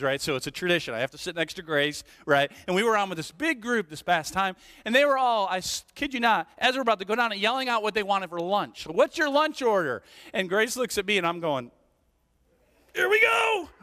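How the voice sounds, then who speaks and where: Man, pastor, high voice, expressive storytelling, long hall reverb. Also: a little fast, few pauses. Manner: animated storytelling, playful asides, rhetorical "right?". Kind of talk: sermon. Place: church sanctuary.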